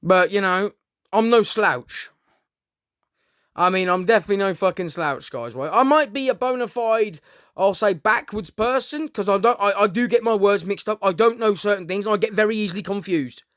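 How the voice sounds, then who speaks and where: A man with a notably high voice talks straight to his viewers in a loose, meandering rant. He swears freely and keeps checking in with "guys" and "right?". The sound is close and dry, with no room echo. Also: moderate pace, a bit bright. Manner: rambling, heavy swearing, keeps addressing listeners as "guys". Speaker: vlogger. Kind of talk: casual unscripted monologue to camera.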